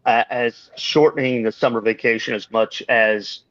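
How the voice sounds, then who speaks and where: A man's voice: mid-range voice, fairly even intonation, moderate pace, fairly bright tone, no echo. Man co-host, dull dry sound. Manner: rambling storyteller with many fillers. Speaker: radio co-host. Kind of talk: casual live-stream chat.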